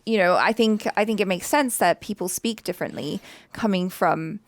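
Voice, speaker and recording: A woman's voice: mid-range voice, moderate pace, dry recording. A woman co-hosting a reaction channel, chatting casually in an earnest, thoughtful way. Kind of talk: casual chat.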